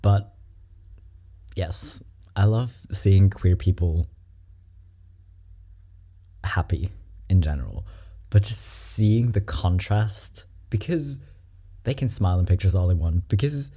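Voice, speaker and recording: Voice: deep voice, expressive, takes it slowly, pauses often, mellow, slightly rough. A reaction vlogger in casual commentary, candid and rambling, with emotional asides.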